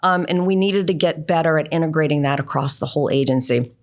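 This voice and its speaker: Low-voiced woman telling workplace stories. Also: steady tone, quick pace. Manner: earnest, often ends points with "right?". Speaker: NASA engineering leader, interview guest. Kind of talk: conversational storytelling.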